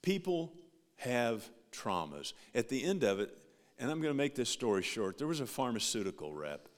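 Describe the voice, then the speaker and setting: A male pastor giving a sermon, swinging from loud, rising emphasis to soft, quiet passages. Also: mid-range voice, sing-song, moderate pace. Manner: preaching with big rises and soft drops. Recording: long hall reverb.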